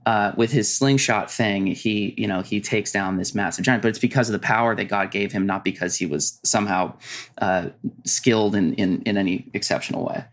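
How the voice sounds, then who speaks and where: A man in casual conversation, speaking hesitantly with frequent pauses and restarts. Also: on the low side. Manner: hesitant, many fillers and restarts. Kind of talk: casual chat.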